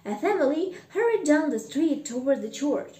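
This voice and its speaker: A woman's voice: sits high, very animated, moderate pace, dark tone. A woman reading a storybook aloud expressively, stopping for chatty asides to listeners. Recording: roomy echo.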